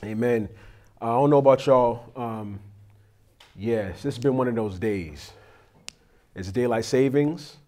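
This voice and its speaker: A man's voice: medium pitch, measured pace, pauses often, darkish tone. A man, a pastor praying and then preaching in a conversational, confessional, storytelling way. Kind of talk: sermon with prayer.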